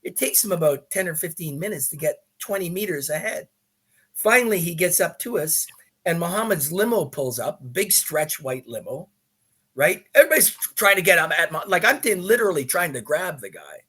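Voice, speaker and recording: A middle-aged man, a podcast guest, telling an animated story full of restarts and asides. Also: a little high, fairly quick, husky. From Canada. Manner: lively, with many restarts and asides.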